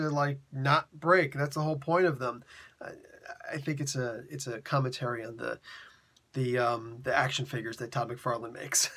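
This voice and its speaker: Husky man retelling a comic. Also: medium pitch, fairly bright tone. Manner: chatty, slangy, laughs often. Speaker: comic book reviewer. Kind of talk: casual retelling of a comic story.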